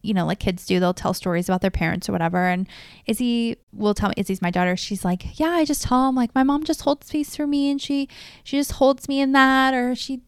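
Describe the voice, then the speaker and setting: A woman in her thirties, a life coach, talking casually and candidly, animated and swearing now and then. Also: on the high side, fairly quick, clear, resonant tone, dry recording, studio quality. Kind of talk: casual podcast monologue.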